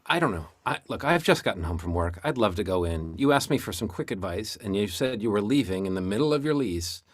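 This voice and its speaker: Casting: man as fed-up accountant next door, deadpan, lively pitch, dry close sound. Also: brisk, dry recording. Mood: exasperated. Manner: exasperated, deadpan, stammering. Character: exasperated middle-aged accountant neighbor Marcus. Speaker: improv performer. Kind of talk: improvised comedy scene.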